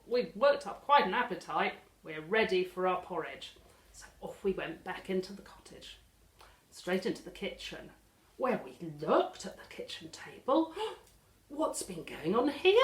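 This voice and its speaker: English lady reading a kids story, super lively up and down voice, echoey room. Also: mid-range voice. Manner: animated, with dramatic gasps. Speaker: library storyteller. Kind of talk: children's storytelling in character.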